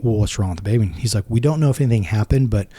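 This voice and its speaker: A man's voice: lowish voice, rapid-fire, mellow, slightly rough. A man in his forties, a military veteran and podcast guest, earnestly retelling a personal story and acting out both sides of each conversation.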